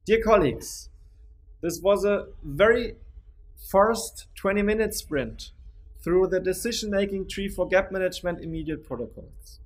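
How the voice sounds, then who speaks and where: A man presenting a dental implant lecture in a webinar, then answering questions, measured and often restarting his words. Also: sits high. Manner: measured, with frequent restarts and hesitations.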